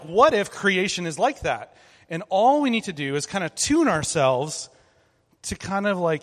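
A man's voice: on the high side, a bit bright, big-room sound. A man leading children through an interactive object lesson, talking in an upbeat, conversational way and calling for group responses. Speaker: children's ministry leader.

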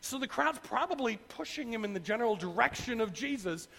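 A middle-aged man preaching a sermon, retelling a story in an animated way and acting out the voices. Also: very high voice, a little fast, creaky, long reverb tail. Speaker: pastor.

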